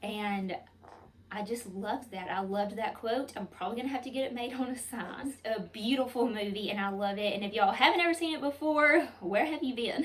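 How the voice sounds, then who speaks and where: A woman's voice: fairly high pitch, recorded from a distance, low-quality recording. A woman vlogger, talking earnestly and with feeling to her viewers. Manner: earnest, emotional, says "y'all" often. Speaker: home decor vlogger. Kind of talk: casual heartfelt talk to camera.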